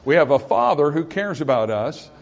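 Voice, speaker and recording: A man preaches a sermon, reading scripture and explaining it plainly with conversational, filler-laden asides, and some passages build through repetition and rising emphasis. His voice is a little high, sing-song and creaky, at normal speed.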